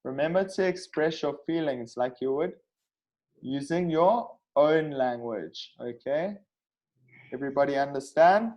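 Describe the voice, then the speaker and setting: A man's voice: on the high side, a little mellow, muffled recording. A man teaching an online English speaking class, patient and repetitive, checking in with the students after nearly every sentence.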